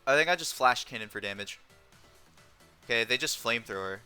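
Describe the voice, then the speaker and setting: Bright, crisp-voiced young man calling a game. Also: medium pitch, animated, brisk, faint music behind. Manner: thinks aloud with frequent ums. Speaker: competitive game player. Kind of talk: live gameplay commentary.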